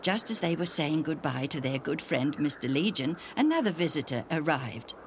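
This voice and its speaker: A woman reading a children's Bible story in a gentle, measured way. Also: low voice, expressive, a little hiss or hum. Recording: music playing underneath.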